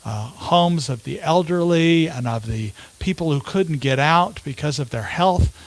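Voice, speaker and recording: A man voicing a gentle male therapy dog in a joke told during a sermon, speaking earnestly and a little softer than his own voice. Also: fairly high pitch, expressive, measured pace.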